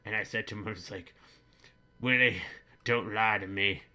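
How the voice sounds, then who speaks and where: A boorish, bigoted middle-aged dad, played by a man rambles crudely through a comedic monologue. His voice sits a little low but rings bright and forceful. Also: little pitch movement, racing, slightly rough, heavily acted. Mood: blustering. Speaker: comedy vlogger in character.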